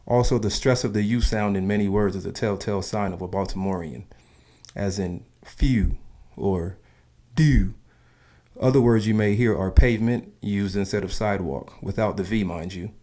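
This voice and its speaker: A man's voice: lowish voice, fairly even intonation, brisk, mellow. A man from the South, narrating an informal explainer in a chatty, opinionated way. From Southern United States. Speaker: video narrator.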